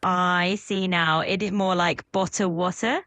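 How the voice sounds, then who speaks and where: A woman's voice: on the low side, fairly even intonation, unhurried, fairly bright tone, slight background noise. A woman's voice with a British accent, an AI voice assistant chatting in an upbeat, soothing and accommodating way. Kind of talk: chatbot conversation.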